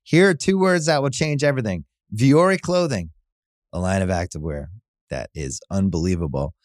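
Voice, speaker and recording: A man reading a host-read podcast advertisement in an upbeat sales pitch. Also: moderate pace, no echo, studio quality. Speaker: ad reader.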